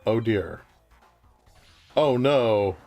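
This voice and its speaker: A man's voice: lowish voice, lively intonation, drawn-out words, creaky, a little mellow, faint music behind. Wry older New man. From New York. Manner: wry, dryly theatrical. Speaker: co-host playing the game. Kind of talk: casual gaming chat.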